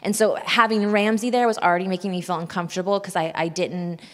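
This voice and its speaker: A woman's voice: mid-range voice, steady tone, fast, fairly bright tone. A woman sharing a personal testimony with an audience, talking openly and confessionally, sounding shaky and nervous. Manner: open, confessional, breaks into nervous laughs. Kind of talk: candid personal talk to an audience. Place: large hall at a church event. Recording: long hall reverb.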